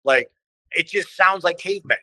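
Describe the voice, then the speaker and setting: Man with a bright, tense voice. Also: sits high, moderate pace, no echo, poor audio. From Cleveland, Ohio. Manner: animated, acts out quoted voices, swears casually. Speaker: podcast guest, band vocalist. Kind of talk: casual storytelling in conversation.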